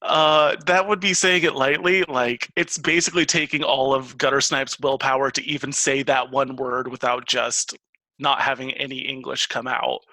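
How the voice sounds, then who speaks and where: Male player, gravelly and bright, very dry close sound, mid-pitched. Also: level tone, moderate pace, no echo, poor audio. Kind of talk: tabletop game play over a call. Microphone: online voice call.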